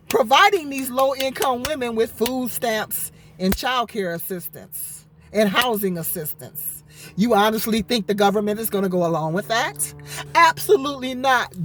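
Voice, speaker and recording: A woman's voice: on the high side, fairly bright tone. A woman vlogging from her parked car, answering viewer comments in an indignant, sarcastic rant, often stammering and repeating words. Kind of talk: ranting commentary vlog. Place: parked car in a parking lot.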